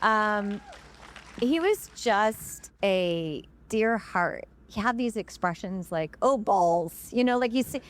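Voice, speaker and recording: A woman on a fan convention panel, telling anecdotes in a casual, animated way and acting out the quotes. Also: medium pitch, slow, a little hiss or hum. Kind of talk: casual storytelling to a crowd.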